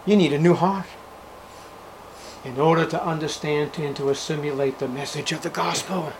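An older man preaching a sermon at a church service, fervent, swinging between loud outbursts and hushed passages. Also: fairly high pitch, steady tone, moderate pace, background noise.

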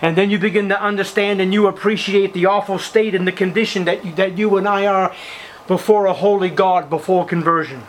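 An older man preaching a sermon at a church service, fervent, swinging between loud outbursts and hushed passages. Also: high-pitched, fairly even intonation, brisk, a little hiss or hum, low-quality recording.

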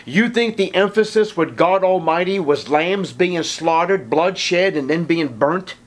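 A man preaching a sermon, reading scripture in old-fashioned wording and pleading with his listeners, his voice dropping to a hush and then rising to ringing emphasis. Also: sits high, expressive, measured pace. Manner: swings from hushed to ringing emphasis; pleading, urgent appeals to listeners.

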